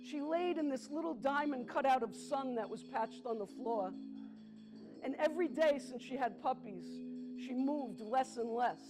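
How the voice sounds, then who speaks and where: High-voiced woman telling stories on stage. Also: music in the background. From the Bronx, New York. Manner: conversational, talks directly to the audience, slows for emphasis. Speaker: solo stage performer. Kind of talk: theatrical storytelling to a live audience. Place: theatre stage.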